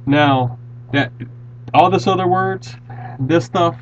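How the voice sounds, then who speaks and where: A man explains grammar step by step at a board, with a slightly high voice. He is patient and repeats himself often. The recording is dull and lo-fi. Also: takes it slowly, slight background noise. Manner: patient, repeats and restarts words while explaining. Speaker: teacher. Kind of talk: grammar lesson at a whiteboard.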